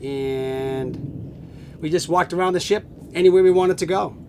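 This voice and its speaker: A middle-aged man casually telling a long story, animated, acting out what others said and laughing often, recorded on a home video camera. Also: a little high, a little slow, a little hiss or hum. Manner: animated, acts out quoted voices, laughs often. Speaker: family friend telling stories.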